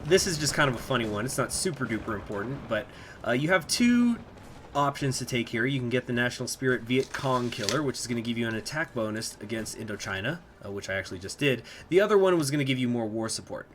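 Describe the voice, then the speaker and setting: A man at a home desk mic talks a listener through a strategy game in a relaxed, explanatory way, thinking aloud with frequent filler pauses. His voice sits at an ordinary middle pitch, and a faint hum of ambient noise runs underneath. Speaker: strategy game guide host. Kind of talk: casual gameplay walkthrough commentary.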